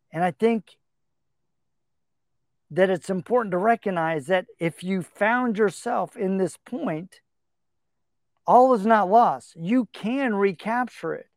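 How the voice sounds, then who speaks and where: A man's voice: high voice, dry recording, studio quality. A middle-aged man hosting a relationship advice talk, telling stories earnestly and acting out the dialogue. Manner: earnest storytelling, acts out quoted dialogue. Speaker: podcast host.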